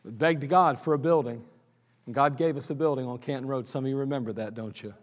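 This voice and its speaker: A man with an Ohio accent, a pastor telling his church's history in an anniversary sermon, animated and laughing at his own stories. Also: mid-range voice, fast talker, muffled recording. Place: church sanctuary. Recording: church service recording with long hall reverb.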